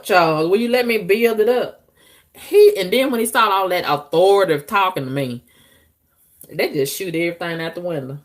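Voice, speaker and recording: Low-voiced woman, wildly animated. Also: moderate pace. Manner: animated, swings to loud squealing outbursts; frank, profane, conversational drawl. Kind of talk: candid casual monologue to viewers.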